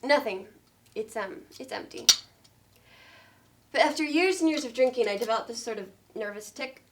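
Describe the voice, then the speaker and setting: An actress playing a bitter, suicidal middle-aged woman who speaks in a dry, deadpan way, hesitant with ums. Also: on the high side, normal speed, lightly acted. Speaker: actor in a scene. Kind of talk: stage comedy scene. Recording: faint noise in a training studio.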